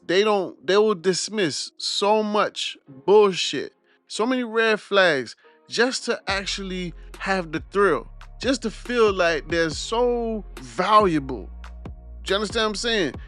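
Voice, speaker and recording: A man's voice: high voice, animated, slow pace, a bit bright, faint music behind. A young man hosting a reaction video, giving blunt, preachy and mocking commentary.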